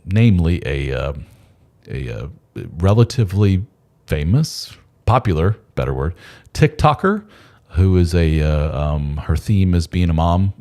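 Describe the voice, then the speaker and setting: The host of a men's support channel runs a casual live stream, talking in a loose, rambling, candid way with mild swearing. His voice sits low and is a little mellow.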